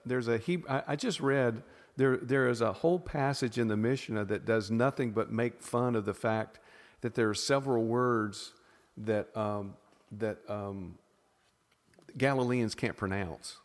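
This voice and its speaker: Southern man, podcast guest, mid-pitched, thoughtful explainer, long reverberant sound. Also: a little slow. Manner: thoughtful, self-interrupting explainer with frequent restarts. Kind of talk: casual teaching conversation.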